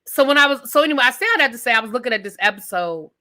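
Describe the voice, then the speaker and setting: A woman's voice: fairly high pitch, racing. A woman hosting a live review stream, ranting casually and calling out to her viewers with sassy asides and repeated questions. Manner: sassy, talks straight to chat with "y'all" and "baby"; animated, repeats questions for emphasis.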